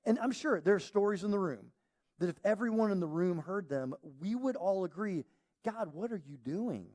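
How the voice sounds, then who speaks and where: A man's voice: sits high, expressive, brisk, mellow. A male pastor preaching a conversational sermon, acting out quoted voices as he goes. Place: church auditorium.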